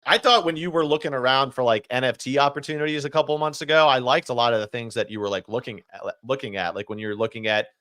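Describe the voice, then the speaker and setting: A man's voice: medium pitch, quick pace, few pauses, a bit bright, dry recording. A man co-hosting a casual podcast chat, talking loosely with lots of fillers and restarts. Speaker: podcast co-host.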